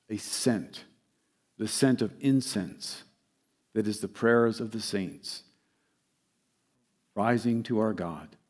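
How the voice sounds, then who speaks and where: A man in the middle of a sermon, preaching to a congregation. His voice sits at an ordinary mid pitch. It rises in loud, urgent swells and then falls away to quiet, low closes. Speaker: pastor.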